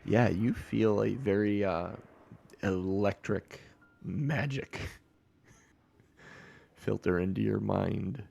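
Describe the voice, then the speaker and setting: Gravelly low-voiced man as game master. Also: takes it slowly, long pauses, a little mellow, dull audio. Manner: laughs often while narrating. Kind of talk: narrating a tabletop game.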